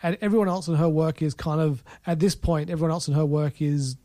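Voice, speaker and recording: A man's voice: a little high, fairly even intonation, fairly quick, dark tone, no echo, clean studio sound. A man co-hosting a film podcast, chatting casually with many fillers and restarts. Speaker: podcast co-host. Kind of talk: casual film review chat.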